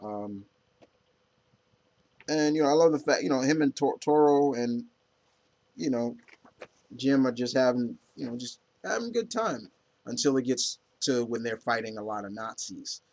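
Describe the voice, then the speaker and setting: Man, medium pitch, casual review, rambling, opinionated fan. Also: expressive, normal speed, pauses often, a little mellow. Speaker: comic book reviewer.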